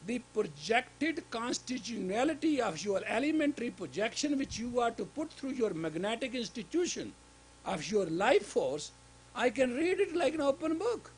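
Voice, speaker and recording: A man giving a sermon-style lecture as a spiritual teacher in a gurdwara, speaking emphatically with sudden loud rises on key words. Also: very high-pitched, very animated, moderate pace, a little hiss or hum, low-quality recording.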